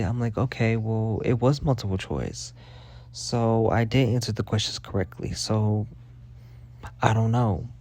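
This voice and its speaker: Young guy spilling tea, mellow low voice, sassy and cussing a lot. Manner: profane, sassy, rambling. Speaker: podcast host. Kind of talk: casual gossip monologue.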